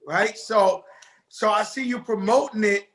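A man's voice: high voice, measured pace, fairly bright tone, low-quality recording. A middle-aged man talking as a guest in a casual interview, rambling and loose with streetwise slang.

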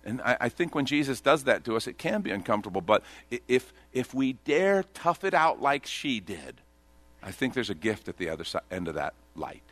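A male pastor delivering a sermon in an expressive, conversational way, often repeating a line for weight. His pitch moves a lot, and his tone is bright and forward. The sound is dry and close, with almost no room echo. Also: fairly quick. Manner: expressive, conversational preaching with repetition.

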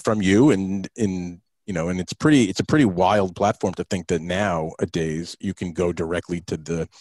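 A man's voice: low voice, moderate pace, a little mellow, no room sound. A man hosting a casual interview, asking questions and explaining things in an easygoing way. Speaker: host.

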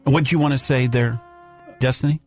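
A radio host talks quickly at a medium pitch with fairly even intonation, frequently interjecting and soothing his callers during morning banter. He's on a studio mic in a radio studio, with soft music behind him.

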